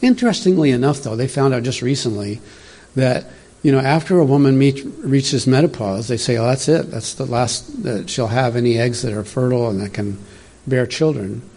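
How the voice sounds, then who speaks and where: Middle-aged guy preaching, husky voice, rambly and chatty, laughs at his own tangents. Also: mid-range voice, normal speed, dark tone. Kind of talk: informal sermon. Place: church room with congregation.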